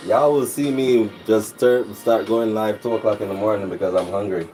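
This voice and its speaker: A man's voice: lowish voice, fairly even intonation, moderate pace, mellow, recorded from a distance, soft background music, rough recording. A man co-hosting a home cooking channel, laid-back and jokey, chatting between bites at dinner. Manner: laid-back, jokey, talks with food in mouth. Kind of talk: casual chat while eating.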